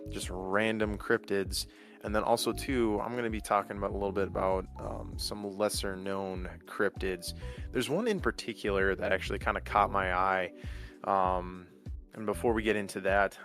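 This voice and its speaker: A man's voice: fairly low pitch, fairly bright tone. A man hosting his podcast in a chatty, rambling way with lots of fillers, getting over an illness with an occasional cough. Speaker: podcast host. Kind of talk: casual solo podcast talk.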